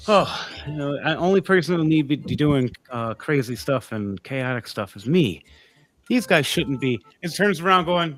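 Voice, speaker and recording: A man narrating as game master of a tabletop game, animated and halting with fillers. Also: on the high side, faint music behind.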